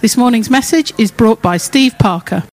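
A man's voice: extremely high pitch, moderate pace. A man introducing the guest speaker at the start of a church podcast in a brief, formal announcement. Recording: distant noisy church recording.

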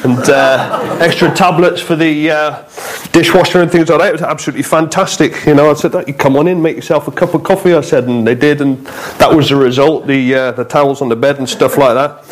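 A man preaches to a congregation in a relaxed, chatty way. He jokes between points and trips over fillers. A faint hiss runs under his voice. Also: fairly high pitch, a little fast, few pauses, poor audio. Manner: chatty, joking asides, frequent fillers. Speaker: guest preacher. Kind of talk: informal sermon with humor. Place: church hall.

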